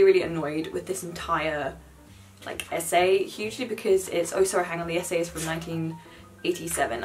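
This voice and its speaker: A young woman talking casually to camera about books, animated and blunt, with sarcastic asides. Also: fairly low pitch. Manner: chatty, animated, swears and mocks in quoted asides. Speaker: book vlogger. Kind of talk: casual chat.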